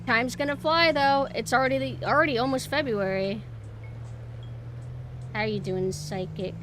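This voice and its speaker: A woman streamer giving casual gameplay commentary, chatting to her viewers and jumping to high squeals when flustered. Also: unhurried, noisy background.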